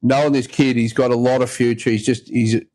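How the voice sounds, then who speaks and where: A man's voice: medium pitch, flat delivery, a little fast, a little mellow. Australian man spinning a rambling yarn. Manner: rambling yarn-spinner, acts out quoted voices. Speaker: podcast host. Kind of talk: casual storytelling chat.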